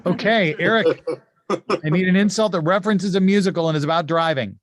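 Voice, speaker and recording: A man hosting a streamed insult comedy game, brisk and joking, often laughing as he reads out the rules. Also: sits high, crowd noise.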